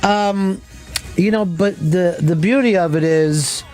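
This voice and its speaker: A man with a slightly high voice hosts a call-in radio show. He chats easily with callers and reads out the phone number, with faint music running underneath. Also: slow, darkish tone.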